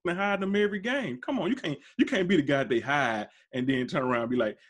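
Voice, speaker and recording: A man's voice: on the high side, fast talker. A man hosting a podcast, arguing basketball in casual slangy talk, emphatic and insistent, his voice shooting up when he presses a point. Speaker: podcast host. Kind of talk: casual sports debate.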